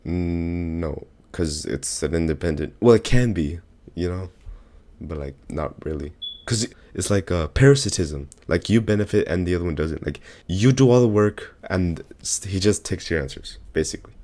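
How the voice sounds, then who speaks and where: A man's voice: low-pitched, expressive, moderate pace, darkish tone. A teenage boy in a casual chat, talking in a laid-back way that trails off. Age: teens.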